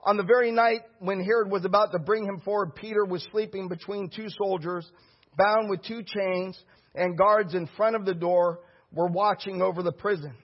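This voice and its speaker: A middle-aged man, a pastor, preaching a sermon with a husky voice, calling for the congregation's response and building to shouts. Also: high-pitched, fairly even intonation, moderate pace, dull audio.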